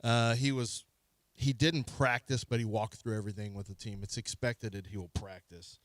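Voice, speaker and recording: A man's voice: lowish voice, fairly even intonation, moderate pace. Conversational male sports radio co-host.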